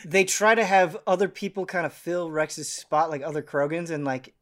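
Host, male, a touch higher pitch, easygoing and filler-heavy. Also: fairly even intonation, normal speed, a bit bright. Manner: thoughtful, filler-heavy musing. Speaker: podcast host. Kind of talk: casual podcast chat.

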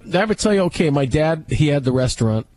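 A man co-hosting a radio talk show, telling stories in an emphatic, animated way. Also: on the high side, quick pace, low-quality recording. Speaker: radio co-host. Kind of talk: casual chat, storytelling.

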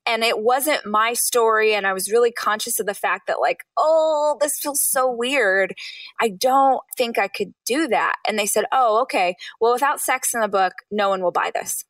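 A woman in her thirties, an author guest on an interview podcast, telling her story with lively acted-out quotes. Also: normal speed, no room sound, far from the mic. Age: 30s. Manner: animated, acts out quotes with high bursts.

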